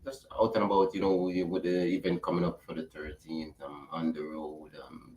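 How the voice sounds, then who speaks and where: A man's voice: sits low, flat delivery, normal speed, darkish tone, roomy sound. A man from Panama co-hosting a radio talk show, laid-back and slangy, talking with lots of fillers. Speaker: radio co-host. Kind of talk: casual radio chat.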